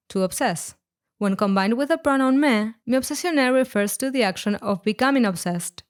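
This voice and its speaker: A woman narrating a scripted language lesson, explaining words clearly and slowing down on each example. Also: fairly high pitch. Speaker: Spanish teacher.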